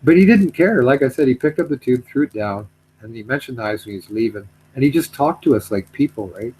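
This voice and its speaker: A man's voice: mid-range voice, expressive, brisk, darkish tone, slightly rough, rough recording. A middle-aged man telling a story in casual chat, rambling, repeating himself, trailing off.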